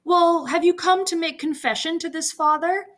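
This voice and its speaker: A woman's voice: extremely high pitch, normal speed, fairly bright tone, pitched above the performer's own voice. A woman reading a cocky, possessive young nobleman suitor in a Shakespeare scene, with a smug, self-assured delivery.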